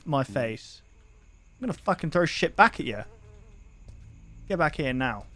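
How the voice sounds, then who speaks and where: A man's voice: fairly high pitch, very animated, a little slow, pushed and bright. A young man streaming a horror game, reacting with crude exclamations and frequent swearing. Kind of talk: let's-play commentary.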